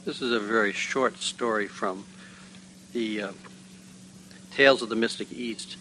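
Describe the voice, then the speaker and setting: A man reading spiritual texts and stories aloud at a gathering, measured, with hesitant asides. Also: lowish voice, bright, forceful tone, a little hiss or hum, rough recording.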